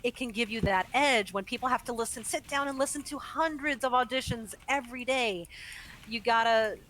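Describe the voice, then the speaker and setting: A woman's voice: a little high, normal speed, fairly bright tone, poor audio. A woman voice actor chatting casually as a guest, talking in long flowing explanations and laughing often. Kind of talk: casual interview chat while gaming. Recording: faint background noise.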